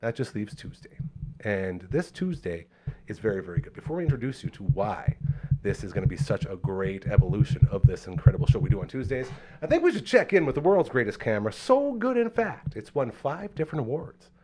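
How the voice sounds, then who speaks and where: Lively, animated male talk show host. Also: mid-range voice, a little fast, noisy background. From Canada. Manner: energetic, hype, promotional. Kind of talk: live local talk show hosting.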